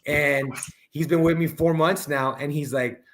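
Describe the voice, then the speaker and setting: A man's voice: on the high side, steady tone, a little slow, a bit bright. A man who is a coach, talking casually as a podcast guest and often calling the listener "bro". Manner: casual, peppers speech with "bro".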